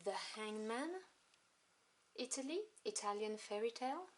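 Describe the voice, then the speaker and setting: A woman casually reviewing a tarot deck at home, chatty and enthusiastic, with soft asides as she flips through the cards. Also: fairly high pitch, normal speed. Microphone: camera on tripod. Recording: noisy home recording with clicks.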